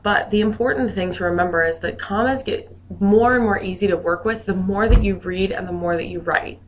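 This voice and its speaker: A woman's voice: medium pitch, fairly quick, slight background noise. A woman teacher giving a recorded grammar lesson, explaining rules in a friendly way with joking asides.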